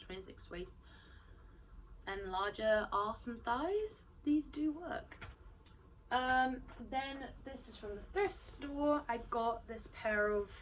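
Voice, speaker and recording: Female vlogger, slightly high voice, loose and wry, picked up at a distance with faint room noise. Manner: chatty, frequent "like" and "um", wry asides. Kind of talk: casual haul vlog.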